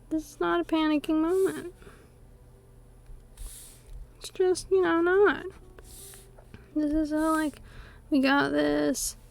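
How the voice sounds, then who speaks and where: High, unhurried woman streamer. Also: gravelly, darkish tone. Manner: playful, rambling, hums to herself. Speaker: art streamer. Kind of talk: casual chat while drawing on stream. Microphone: desktop USB microphone.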